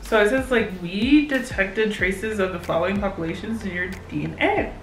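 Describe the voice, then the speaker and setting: A woman's voice: medium pitch, normal speed, faint music behind. A young woman vlogging casually, chatty and giggly with lots of fillers. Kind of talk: casual vlog chat. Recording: roomy echo.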